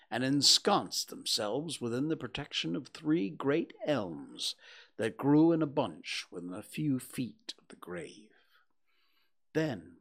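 A man reading a story aloud with slow, dramatic narration. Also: medium pitch. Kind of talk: audiobook narration.

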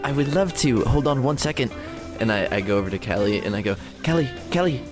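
Soft-spoken man over guitar music. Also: fairly low pitch, fast talker. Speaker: player. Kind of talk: in-character tabletop play.

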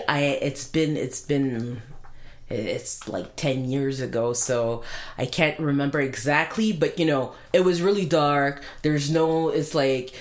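A woman with a French Canadian accent, telling a family road-trip memory in casual chat, halting with many fillers and restarts. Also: deep voice. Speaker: storyteller. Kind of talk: casual conversational storytelling.

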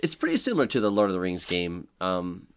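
A man with a very low voice chats loosely about games on a podcast. He rambles and fills his talk with pauses and restarts. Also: huge pitch swings, clean tone. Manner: rambling, many fillers. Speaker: podcast co-host. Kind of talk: casual chat.

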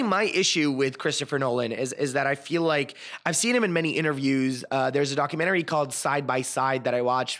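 A man's voice: medium pitch, fairly bright tone. Hesitant, opinionated male podcast host. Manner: hesitant, many fillers and restarts; frank, opinionated. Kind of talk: casual film discussion.

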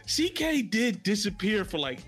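A man's voice: high voice, very animated, moderate pace, a bit bright, soft background music. A man in a casual podcast conversation who speaks hesitantly and colloquially, often trailing off.

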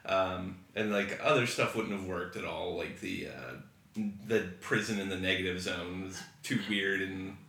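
Lower-voiced bright man giving podcast critique. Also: fairly even intonation, measured pace. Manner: hesitant with frequent fillers. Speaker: podcast co-host. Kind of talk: casual chat. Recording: roomy echo.

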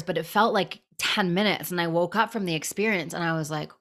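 Low voice lady, 30s, chatty guest telling her story with voices for everyone. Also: a little fast, hardly any pauses. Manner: animated storyteller, acts out quotes. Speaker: podcast guest. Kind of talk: casual storytelling interview.

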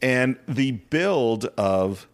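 Casting: middle-aged male podcast host, lively, expressive delivery. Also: medium pitch, extremely slow, no room sound. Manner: animated storyteller, recounts scenes and quotes lines. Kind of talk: casual film discussion.

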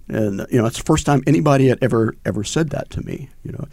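A man's voice: mid-range voice, quick pace, creaky, few pauses, darkish tone, dry recording, studio quality. An older man, a veteran, recounting his war experiences in a rambling, conversational interview with frequent fillers and restarts. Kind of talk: conversational recollection.

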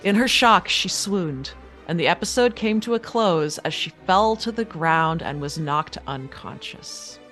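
A woman recapping the last episode of a tabletop game in a brisk storytelling way. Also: fairly low pitch, lively intonation, over music. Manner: brisk storytelling with quick asides. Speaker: player giving the recap.

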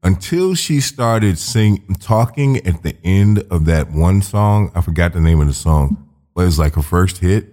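A man's voice: deep voice, expressive, moderate pace, mellow. An American man hosting a podcast interview, chatting casually with blunt jokes and plenty of swearing. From United States. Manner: blunt, joking, swears freely. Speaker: podcast host.

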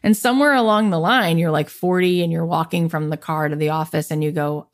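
A woman's voice: sits low, brisk, hardly any pauses. A woman in her thirties, a podcast guest, telling her life story in an interview and acting out what people said to her. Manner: animated, acts out quoted voices in her story.

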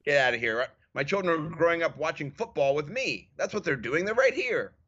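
A bright, forceful male voice that sits a little high for a man, joking and excitable as he co-hosts a casual podcast chat. The recording is slightly dull and lo-fi. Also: brisk, breathy edge. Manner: playful, jokey, excitable. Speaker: podcast co-host.

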